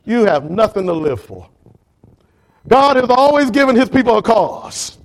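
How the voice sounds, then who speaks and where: Animated preacher man, lively pitch. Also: moderate pace, rough recording. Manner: animated preaching, talks straight to the congregation. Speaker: pastor. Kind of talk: sermon.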